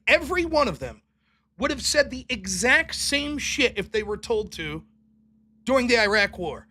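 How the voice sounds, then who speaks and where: A man hosts his own political show alone, ranting in a sarcastic and combative way and swearing freely. His voice jumps all over the place and has a bright, sharp edge. He often mocks the people he argues against. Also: very high voice, big pitch swings, unhurried. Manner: mocking mimicry of opponents. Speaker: political commentary host. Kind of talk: solo political rant.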